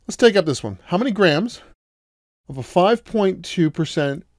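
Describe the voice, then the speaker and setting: A man's voice: sits high, animated, moderate pace, no echo, clean studio sound. A man giving a recorded college math lecture, explaining each step patiently and asking the class questions as he goes.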